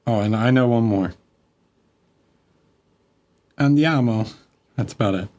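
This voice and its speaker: A man's voice: on the low side, steady tone, fast talker, warm tone. A man chatting casually and joking with viewers while painting a miniature on a live stream. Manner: joking, chatty, restarts sentences.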